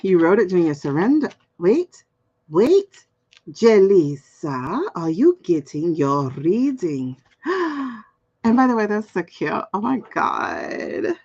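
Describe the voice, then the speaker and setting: Unhurried and very animated, her lowish, darkish voice carries a breathy edge through dull audio. She's a forties-aged tarot card reader running a relaxed live stream, joking around, laughing, and voicing comments from chat.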